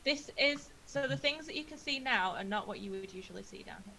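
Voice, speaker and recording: A woman guides her players through a tabletop adventure as dungeon master, her voice bright and clear. She narrates softly, pausing with little fillers as she paints the scene. A faint hiss sits under the recording. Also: high voice, expressive, rough recording.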